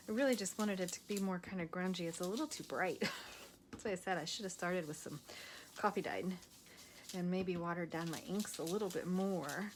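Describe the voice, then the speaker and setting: A tired woman hosting a crafting video, chatting casually and softly, at times dropping to a whisper as she works. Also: on the low side, slight background noise. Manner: soft-spoken, drifts into whispers while working.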